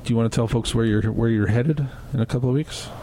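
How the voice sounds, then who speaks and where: A man's voice: medium pitch, fast talker, dark tone, slight background noise. Easygoing male radio host. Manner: easygoing, rambling show plugs. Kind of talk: casual on-air chat.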